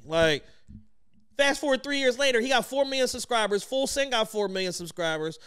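A man co-hosting a podcast, with a high-pitched voice. He talks in a casual chat style. He is blunt, swears freely and stresses his points. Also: animated, brisk, a bit bright, smooth. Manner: blunt and profane, emphatic. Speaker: podcast co-host.

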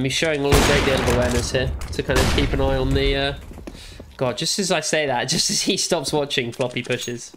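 A man's voice: medium pitch, heavy background noise. A man giving casual, blunt, joking commentary as he reviews a match recording, with a case of the hiccups. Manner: chatty, blunt and joking, with frequent fillers. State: has the hiccups. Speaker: esports analyst reviewing a match demo. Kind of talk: casual commentary over gameplay footage.

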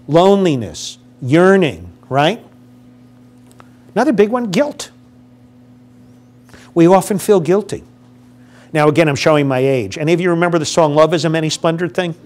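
An older man with a slightly high voice giving a relaxed public lecture. He keeps it conversational, checking in with the audience and slipping into the voices of the people he quotes. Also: measured pace, pauses often. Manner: conversational, asks the audience questions and acts out quotes from grievers. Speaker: guest lecturer on grief. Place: lecture room with a live audience.

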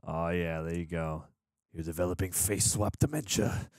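A man hosting a movie reaction, talking casually and laughing often with loud exclamations. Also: sits low, fairly even intonation, moderate pace, gravelly, noisy background.

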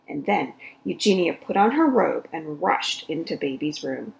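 A woman reading a children's story aloud in an expressive storytelling voice. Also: on the low side, moderate pace, gravelly, rough recording. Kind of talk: read-aloud storytelling for kids.

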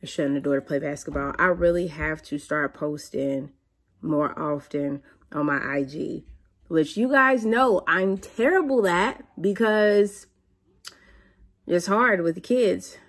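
A woman, chatting casually to camera as a mother and vlogger, animated and prone to high squeals of excitement. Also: takes it slowly.

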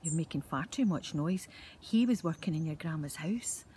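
A grandmother putting on a wee Scottish frog who frets and gently scolds the noisy boys. He talks low and earnestly, a storybook creature with a faint hiss behind. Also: expressive, moderate pace. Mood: fretful. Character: small polite male frog, fretful and warning.

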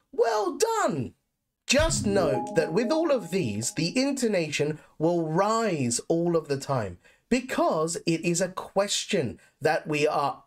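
A woman teaching an English lesson, explaining grammar clearly and reading example sentences aloud. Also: fairly low pitch. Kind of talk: scripted lesson narration.

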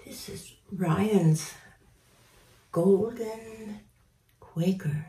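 A woman's voice: medium pitch, extremely slow, dark tone. A woman bird breeder giving a casual handling demonstration, cooing baby talk to a tame parrot, often near a whisper. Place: aviary indoors. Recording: roomy, from a distance.

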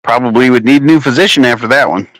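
A fast-talking man, recorded with no echo, hosts a casual livestream chat from his home. He delivers crude, profanity-filled stories with lively swings in pitch.

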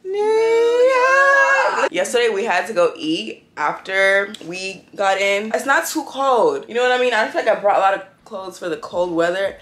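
A young woman vlogging casually to a handheld camera in a hotel room, animated and playful with lots of slang. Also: medium pitch, moderate pace, few pauses. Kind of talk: casual vlog chat to camera.

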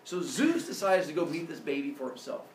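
Animated male storyteller in an echoey room. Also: a little high, a little fast. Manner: animated, jokey, lots of sound effects. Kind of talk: casual myth retelling. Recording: roomy room, distant mic, faint noise.

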